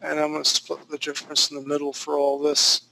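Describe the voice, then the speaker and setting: Male drawing instructor, gravelly, slightly high, casual running commentary. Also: monotone, fairly quick, sharp tone, low-quality recording. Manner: loose, joking, thinking aloud while drawing. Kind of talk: live online drawing class. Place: home studio.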